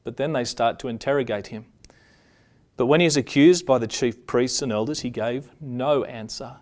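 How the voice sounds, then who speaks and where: Man preaching a measured sermon. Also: mid-range voice, darkish tone. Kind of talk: sermon, reading scripture aloud.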